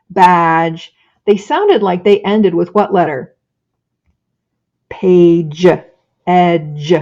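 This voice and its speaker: A woman giving a screencast teaching demonstration from her office, modeling a phonics lesson slowly and deliberately. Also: lowish voice, a little mellow, lo-fi sound. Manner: slow, deliberate classroom modeling, drawing out sounds. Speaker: teacher educator. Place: home office. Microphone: webcam or laptop microphone.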